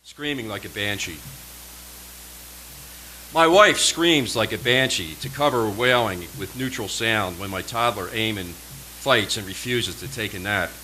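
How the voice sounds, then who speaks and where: A poet reads his own work live at a small venue, pacing each line with slow, emphatic, dramatic pauses. His low voice is bright and forceful, with a faint hiss on a rough recording.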